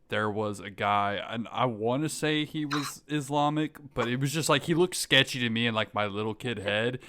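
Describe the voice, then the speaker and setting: A young man co-hosting a casual podcast, his voice bright and crisp. He gets animated, acting out scenes and breaking into laughter. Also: lowish voice. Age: young adult. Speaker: podcast co-host. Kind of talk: casual chat.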